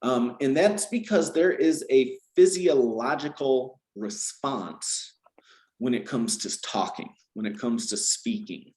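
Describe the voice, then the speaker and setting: A man's voice: medium pitch, lively intonation, slow pace, a little mellow, roomy sound. A man from Georgia with no Southern accent, a language teacher casually explaining his teaching approach, with lots of fillers and self-corrections. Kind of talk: casual conversational advice.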